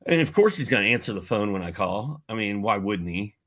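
A man in his fifties from Indianapolis, telling a long story as a podcast guest in a lively, filler-heavy way. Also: on the low side, fairly quick. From Indianapolis, United States. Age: 50s. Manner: animated, with many fillers and asides. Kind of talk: casual storytelling.

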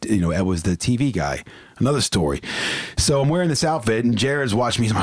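A man's voice: on the low side, big pitch swings, quick pace, no echo. A middle-aged man, a barbecue cook and DJ, telling anecdotes in casual chat and laughing at his own jokes.

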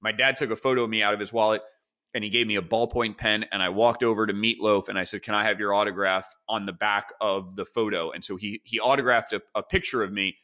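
A man in his forties hosting a podcast, telling rambling, animated stories full of fillers and restarts. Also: on the low side, fast talker. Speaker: podcast host. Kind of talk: casual storytelling chat.

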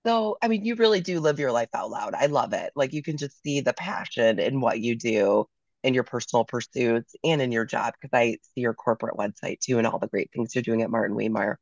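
Hoarse woman co-hosting a podcast. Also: a bass voice, fairly quick, darkish tone, dry recording, dull audio. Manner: effusive, gushing. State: hoarse from a cold. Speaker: podcast co-host. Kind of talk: casual interview chat.

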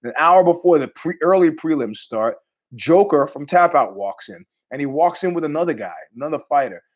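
A middle-aged man hosting a podcast, telling rambling stories in a casual, animated way, laughing often and swearing freely. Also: on the high side, moderate pace. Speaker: podcast host.

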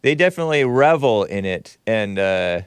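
Male call-in host, smooth clear voice, dry close mic, snarky and casual. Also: on the low side, animated, moderate pace, dry recording. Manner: sarcastic, scoffing asides.

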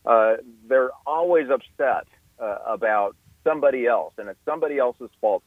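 A man's voice: mid-range voice, lively intonation, normal speed, dry recording. Man explaining over a tinny phone line. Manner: explanatory, with frequent restarts and fillers. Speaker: guest expert. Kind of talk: radio interview. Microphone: telephone.

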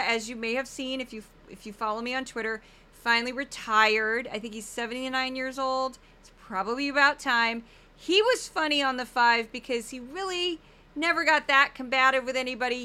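A woman from the US Midwest hosting a political commentary podcast in an animated, sarcastic, jokey way. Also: fairly high pitch, fairly quick. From St. Louis, US Midwest. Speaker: podcast host.

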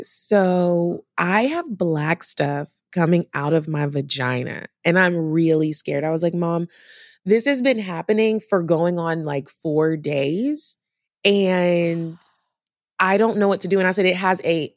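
A woman with a fairly low voice tells a story as a podcast guest. She is animated and profane and acts out the voices of the people in her tale. The recording is dry and close. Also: no echo. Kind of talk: casual storytelling chat.

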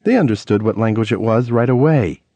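A man narrating a memoir audiobook in a lively storytelling way, acting out quoted lines. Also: medium pitch, brisk, no echo. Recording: dull lo-fi audiobook recording.

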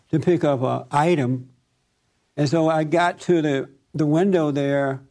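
Creaky-voiced man telling a story. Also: on the high side. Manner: animated, laughs often, acts out other voices. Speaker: discussion group leader. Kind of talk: casual storytelling to a group.

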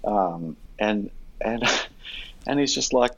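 A man with an Australian accent rants bluntly and swears freely in a relaxed podcast chat. His voice sits low with a gravelly, husky grain. The audio is dull and lo-fi. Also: takes it slowly, pauses often, no echo. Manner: blunt, profane, storytelling ranting. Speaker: podcast guest. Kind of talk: casual chat.

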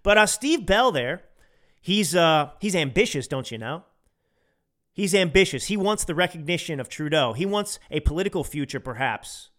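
A podcast host from the United States gives ranting, emphatic political commentary, using repeated phrases for effect. He speaks at a normal speed in a fairly high, fairly bright voice with lively intonation.

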